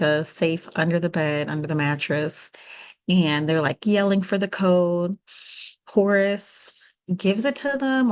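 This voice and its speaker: A young woman co-hosting a podcast, casually recapping a show and acting out bits of dialogue with lots of "like". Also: fairly low pitch. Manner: retells scenes with quick quoted voices, lots of "like". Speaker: podcast co-host.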